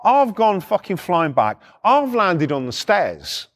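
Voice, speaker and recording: A man's voice: high-pitched, takes it slowly. A middle-aged man, a former repossession agent, telling blunt, sweary stories in a casual way. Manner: blunt, sweary, animated retelling. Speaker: former repo man storyteller. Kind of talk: casual storytelling.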